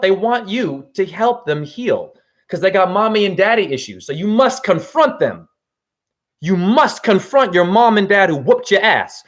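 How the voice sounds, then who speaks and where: Forties guy ranting to his stream chat, high voice all over the place, swears a lot. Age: 40s. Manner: swings from low preaching to high shouts, swears. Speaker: spiritual teacher. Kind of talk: livestream monologue to chat.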